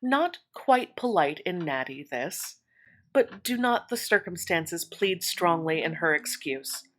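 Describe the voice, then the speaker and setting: A woman narrating an old novel in an expressive, wry storytelling manner. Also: on the low side, takes it slowly, poor audio.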